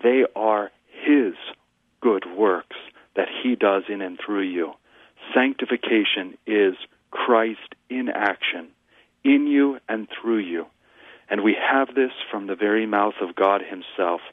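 A man's voice: lowish voice, takes it slowly, no room sound. A man, a pastor, preaching earnestly as a guest on a radio talk show. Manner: earnest, emphatic Bible exposition. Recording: tinny phone line.

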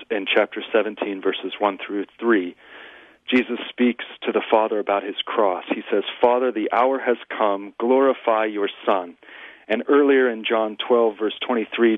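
A low-pitched man preaching with earnest emphasis, his voice thin and tinny as if over a phone line. The sound is dry and close, with no room around it. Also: no echo. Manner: earnest, emphatic Bible exposition. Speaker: pastor, guest. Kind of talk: preaching on a radio talk show.

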